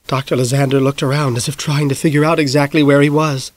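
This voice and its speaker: A man narrating a novel as an audiobook in measured, grave storytelling, dropping soft at the darkest moments. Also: mid-range voice, flat delivery, dry recording.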